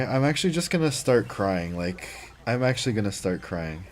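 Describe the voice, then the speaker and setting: A man's voice: lowish voice, big pitch swings, moderate pace, soft background music. A young man livestreaming a mobile game, chatting casually, reading chat and reacting to plays.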